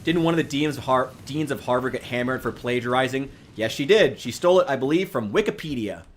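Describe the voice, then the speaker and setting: A man's voice: medium pitch, expressive, quick pace, a little hiss or hum. A man chatting casually while streaming a game, ranting with profanity and sarcasm. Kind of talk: casual gaming stream chat.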